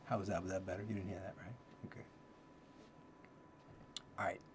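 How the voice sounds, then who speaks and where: Teaching self-development ideas on a casual livestream, a man speaks a little fast in a low, level voice. He thinks out loud and keeps repeating his main phrases, with slight background noise.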